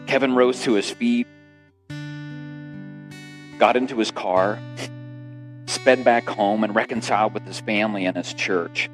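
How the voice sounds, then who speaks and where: A man preaching a sermon as pastor, telling stories and building to loud, emotional quoted lines. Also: on the low side, fairly even intonation, measured pace, pauses often, faint music behind.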